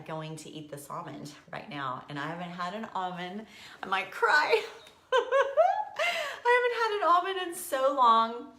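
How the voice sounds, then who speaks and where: A woman's voice: low voice, a bit bright. A woman talking casually to her viewers in a rambling, heartfelt video diary. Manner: chatty, rambling, tearful and emotional. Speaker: vlogger. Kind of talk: casual personal vlog. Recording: echoey room.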